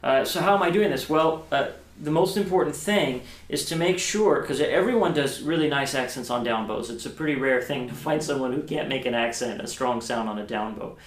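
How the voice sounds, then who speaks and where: A man's voice: mid-range voice, fairly quick, few pauses. Man teaching cello in an echoey room. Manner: thinking aloud with many fillers and restarts, explains step by step. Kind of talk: casual video lesson.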